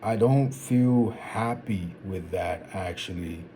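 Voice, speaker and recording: Man from Zimbabwe, dark low voice. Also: slow pace, slight background noise. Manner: thinking aloud, meandering, repeats phrases. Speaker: vlogger. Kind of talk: reflective solo talk to camera.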